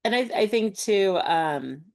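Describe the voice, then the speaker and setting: A woman's voice: mid-range voice, animated, slow, darkish tone. A woman hosting a support group discussion, speaking in a reflective, thoughtful way with frequent fillers. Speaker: host and support group facilitator.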